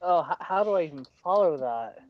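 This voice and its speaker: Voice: medium pitch, expressive, brisk, highs cut off. A podcast panelist speaking in a hesitant, self-deprecating way. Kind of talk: casual chat.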